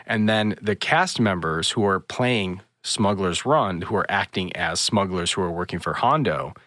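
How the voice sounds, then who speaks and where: A man hosting a casual podcast chat, telling stories with animated swings and high-pitched imitations of people. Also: unhurried, no room sound, studio quality. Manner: animated storytelling, mimics voices in high pitch. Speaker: podcast host.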